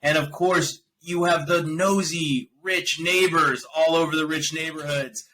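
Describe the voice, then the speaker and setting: A man's voice: a little high, unhurried, rough recording. A man hosting a podcast, chatting casually and ranting animatedly about films and shows he watched. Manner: animated, ranting, laughs often. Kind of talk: casual review chat.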